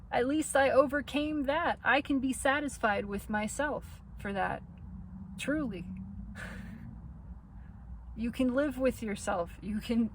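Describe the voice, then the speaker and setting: Woman doing a spiritual card reading, kinda high voice, earnest, light hiss and cars going by behind her. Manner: earnest, laughs through painful points. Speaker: tarot reader.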